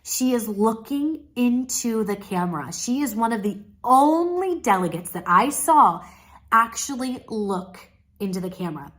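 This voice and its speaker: A woman's voice: a little high, lively intonation, unhurried, fairly bright tone. A woman talking casually to camera as a pageant speaking coach, in an encouraging, coaching tone. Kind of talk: casual video commentary.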